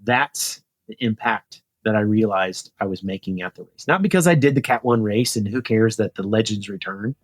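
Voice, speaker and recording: Telling a casual story as a podcast guest, a retired pro cyclist in his forties acts out the dialogue by lifting his voice, staying animated throughout. His pitch is fairly low and his pace moderate with hardly any pauses, recorded in studio quality with no room sound.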